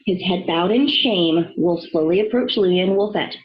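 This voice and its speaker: A woman reading a children's storybook aloud, expressive and storytelling. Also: fairly low pitch, normal speed, dull audio. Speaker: reader.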